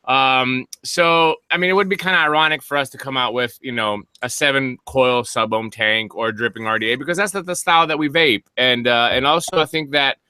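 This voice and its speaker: Male co-host, bright and smooth voice, detailed explainer, teasing. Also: medium pitch, a little fast, few pauses, dry recording. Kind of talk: casual podcast chat.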